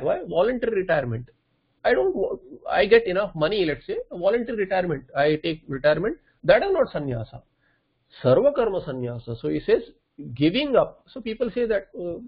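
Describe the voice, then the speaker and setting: A man with a high voice gives a scripture lecture, putting questions to himself and answering them. The recording is dull and lo-fi. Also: slightly rough. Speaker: Vedanta teacher.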